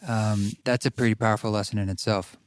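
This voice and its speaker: A man's voice: lowish voice, steady tone, brisk, no room sound, studio quality. A man hosting a podcast, responding reflectively and affirming his guest. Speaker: podcast host. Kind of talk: conversational interview.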